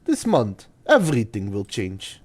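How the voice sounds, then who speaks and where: A man's voice: fairly low pitch, huge pitch swings, measured pace, darkish tone, husky, voice pushed down, full character voice. Man doing a russian-accented handyman, grumbling, clipped broken sentences, bouncy intonation. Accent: put-on Russian. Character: grumpy handyman writing a diary, man.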